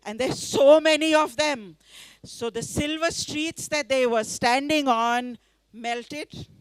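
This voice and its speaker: A woman from India, reading her story aloud in a festival tent, lively and coaxing the audience to join in. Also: sits high, no echo. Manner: lively, coaxes the audience to join in, laughs often.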